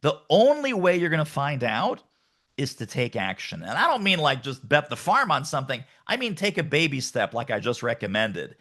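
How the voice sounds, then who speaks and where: A middle-aged man speaks in an energetic podcast interview, emphatic and animated. His voice is bright and ringing, and his pitch swings widely. He sits a little above the usual male range. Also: normal speed. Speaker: guest author and sales coach.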